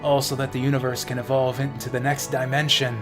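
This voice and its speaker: A man streaming a game, reading its lines aloud with some drama before slipping into casual, swearing commentary. His voice sits at an ordinary middle pitch. Soft game music plays underneath. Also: level tone, fairly quick. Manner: dramatic reading, drifting into casual, profane asides. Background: faint game music.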